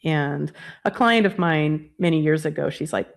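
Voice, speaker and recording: A woman with a lowish, gravelly voice speaks as a podcast guest. She is frank and chatty, slipping into quoted asides and casual fillers. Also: normal speed. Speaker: guest, energy healer and author. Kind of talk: casual conversational interview.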